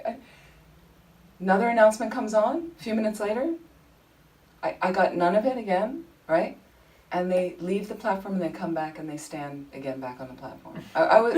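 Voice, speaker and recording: A woman leading a Buddhist study group, telling anecdotes in an informal, animated way. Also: medium pitch, distant mic, rough recording. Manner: chatty, animated storytelling with frequent laughter. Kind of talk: informal teaching talk with anecdotes. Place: group meeting room.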